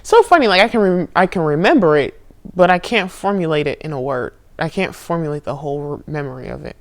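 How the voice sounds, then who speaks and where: A young woman speaks into her phone camera in a candid confessional vlog. Her voice sits a little low. She drifts between quiet, murmured asides and sudden loud, profane outbursts. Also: animated, a little fast. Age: young adult. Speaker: spiritual vlogger.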